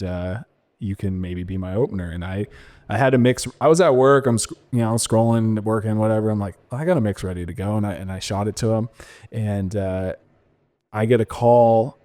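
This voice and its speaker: A man's voice: on the low side, moderate pace, dark tone. A young man from San Diego, a DJ guest in a casual interview, telling a story animatedly with many fillers, restarts and laughs. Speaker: guest DJ and producer.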